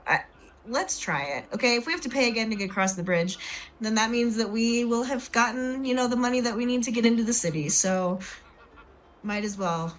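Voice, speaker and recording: A woman's voice: mid-range voice, slight background noise, low-quality recording. Chatty woman playing a tabletop game. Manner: chatty and rambling, with many I means. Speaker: player.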